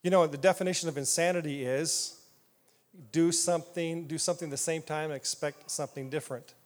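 A man from southeast Iowa preaching a sermon, animated and playful, asking the congregation questions. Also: a little high, a little fast. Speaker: pastor. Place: church hall. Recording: long hall reverb.

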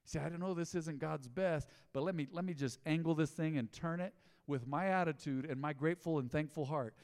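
A man preaching a sermon in his church, telling a story with lively swings between loud exclaims and hushed asides. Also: on the high side, brisk, big-room sound. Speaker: pastor. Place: church sanctuary.

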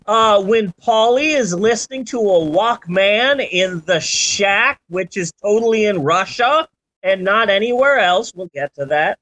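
A man chatting about films on a podcast, his pitch leaping all over as he rants. He jokes, swears and builds up to outbursts, with everyday energy in between. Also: measured pace, no room sound. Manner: animated, ranting and joking, with swearing outbursts. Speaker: podcast host. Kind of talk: casual movie chat.

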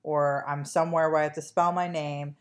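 A woman with a notably low voice and a non-native English accent chats on her podcast. She rambles loosely, full of ums and likes, slipping in deadpan jokes. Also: brisk. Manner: rambling, filler-heavy, joking. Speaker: podcast co-host. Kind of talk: casual chat.

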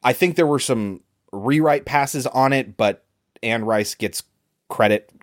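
An unhurried man with a mid-range voice co-hosts a podcast, chatting casually about a movie. He's opinionated and blunt in his review.

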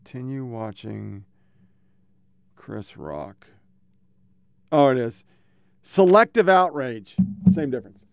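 A man's voice: mid-range voice, very animated, slow pace, vocal fry, long pauses, clear, resonant tone, no echo. A man hosting his own podcast, telling rambling, profane stories to his own microphone at a home computer setup. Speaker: podcast host. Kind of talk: casual rambling monologue.

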